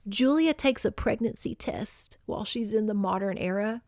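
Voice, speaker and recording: Woman podcast host, excitable, profane, chatty, book recap with read-aloud passages, dry close sound. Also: medium pitch, normal speed, dry recording.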